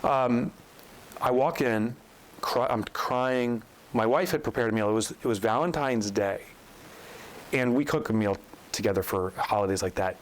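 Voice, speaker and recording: Man, guest storyteller, animated, voices the people he quotes, mid pitch. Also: normal speed, poor audio. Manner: animated storyteller acting out quotes, rising sharply when incredulous. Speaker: guest, author and business coach. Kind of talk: storytelling in a podcast interview.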